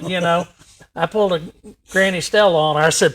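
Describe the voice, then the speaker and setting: An older man with a Missouri accent, a guest telling fishing stories in a folksy, animated way. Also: sits high, moderate pace. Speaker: guest, retired water patrolman. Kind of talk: casual storytelling.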